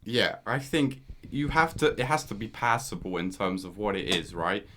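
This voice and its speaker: A man co-hosting a casual podcast, talking in an animated way, laughing often and calling his friend "mate". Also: lowish voice, normal speed, a little hiss or hum. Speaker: podcast co-host. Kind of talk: casual chat.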